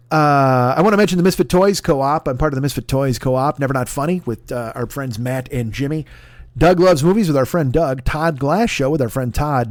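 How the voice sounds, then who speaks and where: A man in his forties hosts his own comedy podcast, riffing in a loose, profane monologue full of wild exaggeration. His voice sits a little higher than most men's. The recording is dry and close, with no room sound. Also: darkish tone, no room sound. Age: 40s. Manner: rambling, profane, exaggerating for laughs. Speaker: podcast host.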